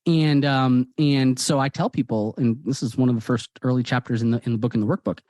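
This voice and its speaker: A man, a guest author, telling personal stories in a lively conversational way and acting out the dialogue. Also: medium pitch, a little fast, no echo, studio quality. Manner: animated, acts out quoted dialogue. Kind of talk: conversational storytelling.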